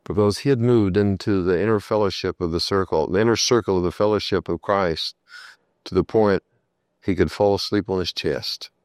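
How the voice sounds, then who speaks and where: Brief: male preacher with a very deep voice, sermon with repeated emphatic phrases. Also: moderate pace, a little mellow, clean tone, no room sound, studio quality. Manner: storytelling, emphatic repetition.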